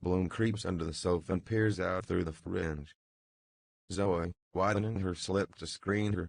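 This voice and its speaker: Deep gravelly male audiobook narrator. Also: level tone, measured pace, no room sound.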